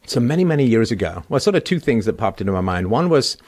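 A man who grew up in London, a guest on a panel discussion, telling rambling anecdotes with lively asides. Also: medium pitch, fast. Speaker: podcast guest.

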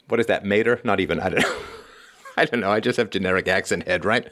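A man's voice: on the low side, very animated, normal speed, pauses often, fairly bright tone. A man hosting a livestream, delivering a sarcastic, theatrical commentary monologue. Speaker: host and philosopher.

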